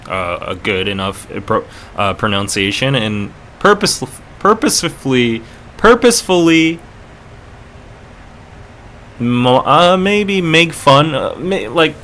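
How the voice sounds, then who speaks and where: A man's voice: fairly low pitch, bright, forceful tone, slight background noise. A man hosting a casual live stream, laid-back, laughing often and correcting himself mid-sentence. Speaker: podcast host.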